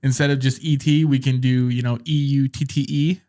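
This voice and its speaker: A man's voice: mid-range voice, flat delivery, a little fast, mellow. Joking, rambling young-sounding man. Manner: joking, rambling, lots of fillers. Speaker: podcast host. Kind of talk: casual podcast chat.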